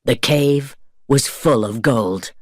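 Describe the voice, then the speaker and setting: A man reading a story aloud for English learners, slowly, clearly and expressively. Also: mid-range voice, dry recording, clean studio sound. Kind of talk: slow scripted story narration.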